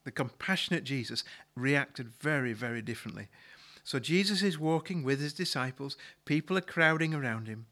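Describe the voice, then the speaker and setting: A man's voice: medium pitch, expressive, normal speed, hardly any pauses, fairly bright tone. A male pastor preaching a sermon, retelling a story in a conversational way and often repeating words as he restarts a thought.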